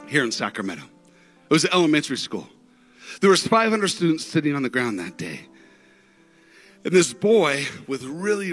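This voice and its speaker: A man preaching a sermon through stories, dramatic, with big swings in pitch and loudness. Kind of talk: sermon storytelling.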